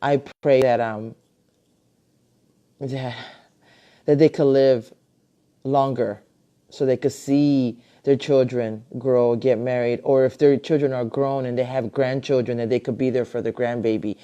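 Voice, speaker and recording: A woman's voice: extremely low pitch, steady tone, measured pace, muffled recording. Chatty grandmother hosting a live stream. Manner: chatty and warm-hearted, many fillers and restarts. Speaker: host. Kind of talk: casual live-stream chat. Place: home, at a computer. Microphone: computer mic on a live video call.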